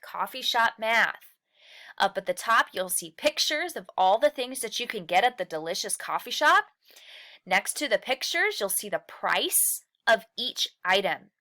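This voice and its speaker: A woman teacher with a bright, clear voice and lively pitch that swings up and down as she talks. She explains patiently, step by step, drawing words out slowly for emphasis and asking young learners questions along the way. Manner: stretches and slows key words for emphasis. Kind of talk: recorded lesson walkthrough.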